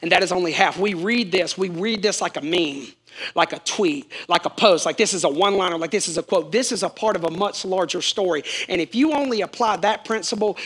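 A male pastor delivers a sermon in a high, bright voice. He leans on repetition and keeps turning to the congregation for a response. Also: slightly rough. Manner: emphatic, repeats key phrases, calls on the congregation to respond.

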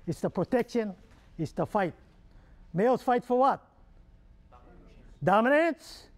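Joking Hawaiian Pidgin man, high voice. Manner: joking, quizzes the audience with call-and-response questions. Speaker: keynote speaker. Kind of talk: humorous motivational keynote.

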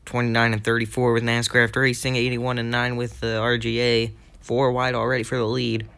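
A young man with a scratchy throat calling a video game race, getting excitable as the crashes pile up. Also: medium pitch, a little fast, creaky, clear, resonant tone. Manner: excitable, rising to shouts at crashes. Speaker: race commentator.

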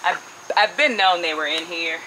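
A woman's voice: fairly low pitch, normal speed, pushed and bright, slight background noise, rough recording. A woman chatting casually as she walks viewers through her backyard garden on a handheld phone, laughing often and calling them y'all. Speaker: home gardener vlogger. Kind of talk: casual garden walkthrough vlog.

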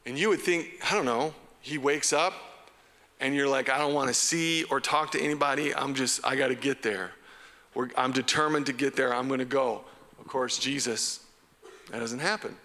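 A man preaching a sermon as pastor, animated and conversational. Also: mid-range voice, moderate pace, long reverb tail. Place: church hall.

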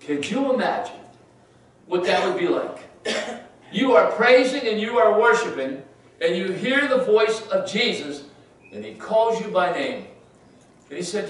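A male pastor preaching in a high voice, telling the story dramatically and shifting between loud and hushed delivery. The sound is heavily echoey, caught from far across a big church hall. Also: expressive, unhurried, long pauses. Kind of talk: sermon.

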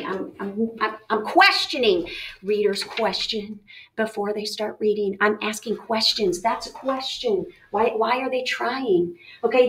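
An animated woman teacher walks students through a reading lesson, thinking aloud and firing off questions to herself. Her voice sits a little higher than most. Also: rough recording. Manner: lively, emphatic, thinks aloud with self-questions.

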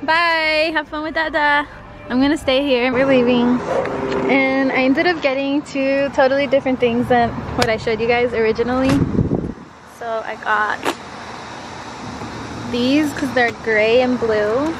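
A woman's voice: high voice, steady tone, measured pace, background noise. A young woman vlogging in a furniture store, talking to the camera in a chatty and playful way. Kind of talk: casual vlog chat.

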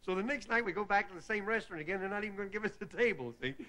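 A man's voice: high voice, racing, bright, forceful tone. A middle-aged man, the host, delivering a rambling stand-up comedy monologue full of asides, heard on an old 1960s television recording. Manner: rambling, jokey storyteller with repeated asides. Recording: hissy 1960s TV broadcast recording. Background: studio audience laughter.

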